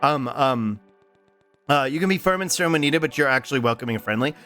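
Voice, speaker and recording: A man streaming and chatting casually with his chat, halting and giggly, with lots of repeated words and restarts. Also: medium pitch, lively intonation, bright, forceful tone, soft background music. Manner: affectionate and giggly. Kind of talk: casual livestream chat reading chat.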